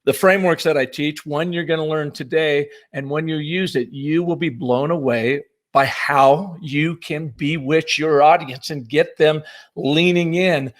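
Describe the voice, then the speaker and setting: A man in his fifties giving an enthusiastic, punchy conference presentation on storytelling. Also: fairly high pitch. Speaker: marketing speaker.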